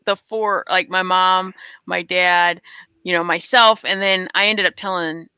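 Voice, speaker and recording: A woman's voice: lowish voice, fairly even intonation, measured pace, bright, forceful tone, smooth, dry recording, lo-fi sound. An American woman hosting a casual gaming livestream, chatting and telling stories with quoted asides. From United States. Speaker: livestream host. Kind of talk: casual chat while gaming.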